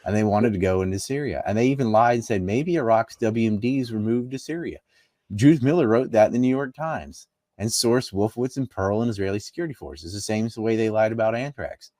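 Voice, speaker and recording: Deep-voiced emphatic man, dry close sound. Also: darkish tone, no echo. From North Carolina, US. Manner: emphatic, rapid-fire rhetorical questions. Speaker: political commentator. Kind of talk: conversational interview.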